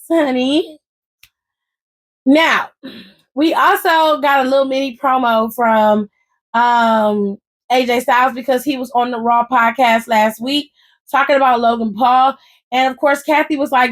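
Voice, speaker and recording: A woman hosting a casual wrestling recap, telling it in an animated, profane, sassy way with frequent asides to her listeners. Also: high-pitched, a little slow.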